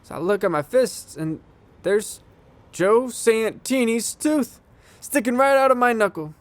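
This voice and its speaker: A man's voice: very high voice, a little slow, dry recording. A man performing a theatrical monologue as a bartender who tells a wry, reflective story from his childhood. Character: bartender recalling a childhood fistfight.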